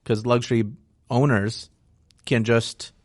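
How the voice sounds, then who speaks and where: A man's voice: medium pitch, fairly even intonation, slow, no room sound, studio quality. A man speaking as a real estate investor guest in a casual interview, frank and explanatory, often tagging "right?" onto his points.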